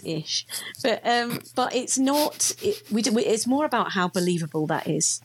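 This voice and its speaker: A woman's voice: fairly high pitch, big pitch swings, moderate pace, husky. A woman co-hosting a casual panel podcast, an actress who talks hesitantly and often restarts her sentences.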